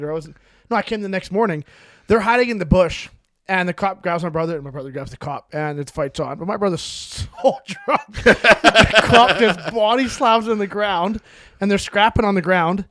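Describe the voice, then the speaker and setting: High-voiced fast-talking man telling stories. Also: fairly bright tone, no room sound, clean studio sound. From Canada. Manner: rambling, laughs through his stories. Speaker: podcast co-host. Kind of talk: casual storytelling chat.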